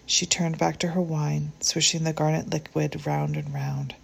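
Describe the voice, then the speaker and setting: A woman reading a short story aloud in a gentle, measured way. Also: low voice, vocal fry, slightly rough. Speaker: audiobook narrator.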